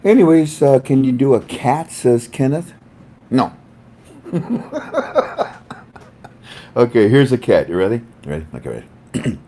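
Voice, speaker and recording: A man's voice: medium pitch, very animated, measured pace, pauses often, dark tone, slight background noise. A man hosting a casual livestream, chatting with viewers in a playful, joking, rambling way. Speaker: livestream host.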